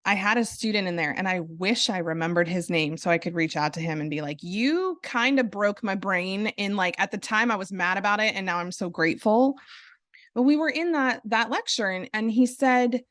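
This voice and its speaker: A woman hosting a podcast, talking in a casual, animated and earnest way, with quick asides as she explains. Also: medium pitch, no echo, clean studio sound. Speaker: podcast host.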